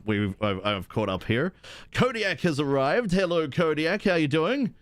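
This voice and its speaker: A man streaming from home, chatting excitedly with viewers in a rambling way, often jumping up into high-pitched bursts. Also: unhurried, dry recording. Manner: rambling with restarts. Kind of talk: live-stream chat while gaming.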